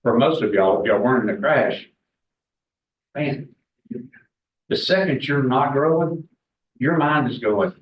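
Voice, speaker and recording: With an expressive mid-range voice, a measured pace, and long pauses, a man in his forties entertains a real estate team as a guest speaker. He tells candid, folksy stories and jokes with the room, recorded from a distance in an echoey space with dull sound and slight background noise.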